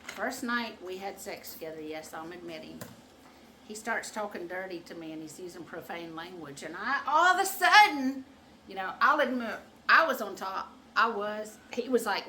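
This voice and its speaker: A woman hosting her own channel, chatting casually and acting out quotes loudly as she tells a comic story, often laughing. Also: medium pitch, lively intonation, normal speed. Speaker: channel host. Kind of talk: casual chat.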